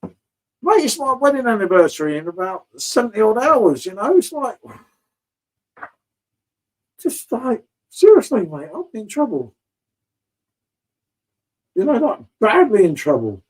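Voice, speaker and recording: A man's voice: high-pitched, sing-song, a little slow, pauses often, darkish tone, breathy edge, poor audio. A man in casual live-stream chat from a home bar, chatty and swearing freely, calling everyone mate.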